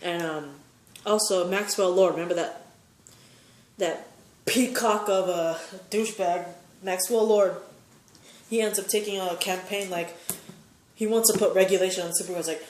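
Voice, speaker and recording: A woman's voice: fairly low pitch, steady tone, normal speed, long pauses, a little mellow, reverberant. A woman giving a casual, opinionated recap of a TV episode, rambling with many fillers. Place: sitting in a chair at home.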